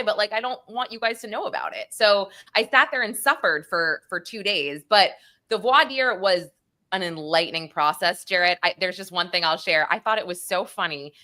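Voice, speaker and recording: A middle-aged woman co-hosting a casual true-crime talk show. Her voice is bright and a little sharp. She tells stories animatedly, slipping into quoted voices as she goes. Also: medium pitch. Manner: animated storytelling, acts out quotes. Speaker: podcast co-host.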